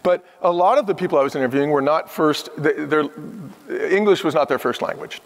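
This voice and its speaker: A former restaurant chief executive in his fifties guests on a podcast, telling stories earnestly and emphatically in a conversational interview and acting out the people he quotes. His voice is fairly high and brisk, with long hall reverb.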